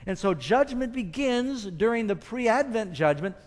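A man's voice: high voice, animated, measured pace. A man preaching a sermon with emphatic delivery, quoting scripture and asking the congregation questions. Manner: emphatic, rising and falling with scripture quotes, asks the audience questions. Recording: long hall reverb.

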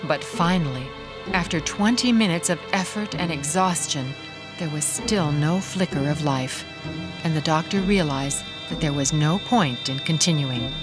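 A woman narrating a radio drama in a measured, solemn manner. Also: sits low, music in the background. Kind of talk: scripted narration.

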